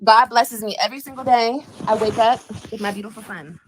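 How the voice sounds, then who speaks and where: A woman's voice: fairly high pitch, fairly quick, slight background noise, rough recording. A woman ranting on a livestream, confrontational, profane and mocking, speaking straight to her viewers. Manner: addresses viewers directly.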